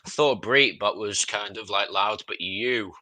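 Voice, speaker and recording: A man's voice: on the low side, measured pace, pushed and bright, dry recording. A young man hosting a casual voice call, talking in a bossy, teasing way. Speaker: host of a story call. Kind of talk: casual chat over a voice call.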